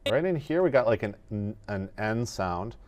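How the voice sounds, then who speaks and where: A man teaching animation in a screen-recorded tutorial, explaining each step in a methodical, relaxed way. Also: on the low side, normal speed.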